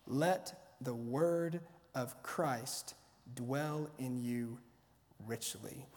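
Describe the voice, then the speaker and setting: A man preaching a sermon in a conversational, storytelling way, often restarting his phrases. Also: a little high. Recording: long hall reverb.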